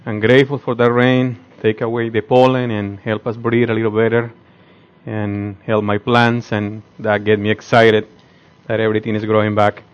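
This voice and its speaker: A man's voice: mid-range voice, highs cut off. A man giving an earnest, conversational morning talk to his community, often asking the listeners questions. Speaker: speaker addressing his community.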